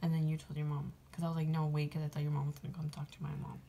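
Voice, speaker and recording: A woman's voice: deep voice, little pitch movement, very fast, vocal fry, warm tone. A young woman vlogger casually telling a personal story, rambling with lots of fillers and getting emotional. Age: young adult.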